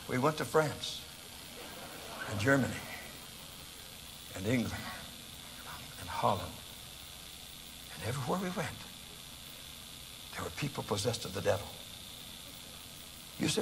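A man from the United States preaching, telling a story from the pulpit and swinging from quiet asides to loud acted shouts. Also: mid-range voice, very animated, a little slow, vocal fry, long pauses, background noise. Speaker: evangelist preacher. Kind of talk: sermon storytelling.

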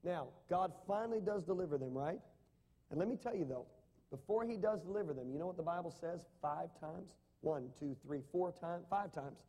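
A man delivers a sermon in a high but mellow voice. He asks his listeners rhetorical questions and reads scripture aloud with growing emphasis. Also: normal speed. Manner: animated, rising to emphatic reading of scripture. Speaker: pastor.

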